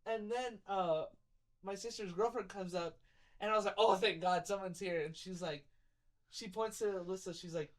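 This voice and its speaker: A man's voice: high-pitched, moderate pace. Young man spinning a rambling story. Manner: rambling storytelling, heavy on filler words, acts out other people's lines; laughs often while telling. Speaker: podcast co-host telling a story. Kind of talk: casual chat.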